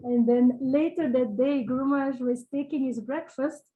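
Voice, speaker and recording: A woman sharing personal memories in casual, halting speech, searching for words with many fillers and little laughs. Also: sits high, dark tone, rough recording. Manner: laughs between phrases. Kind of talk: casual spoken reminiscence.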